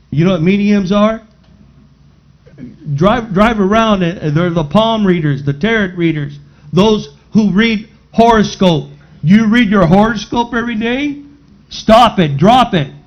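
Casting: male pastor preaching, high voice, dull lo-fi sound, dramatic swings. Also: expressive, takes it slowly, long pauses. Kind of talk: sermon.

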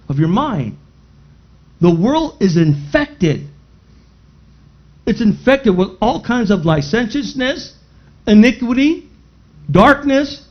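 High-pitched guy preaching a sermon, swings loud and soft, muffled lo-fi audio. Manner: preaching with dramatic swings, rising to shouts. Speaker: pastor.

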